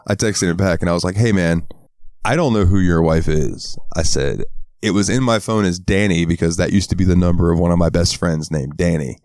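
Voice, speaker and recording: A man's voice: low voice, a little fast, a little mellow, no echo, studio quality. A man co-hosting a podcast in casual chat, telling stories, acting out quotes and swearing often. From American South. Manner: storytelling, acts out quotes in a raised voice, swears often. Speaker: podcast co-host.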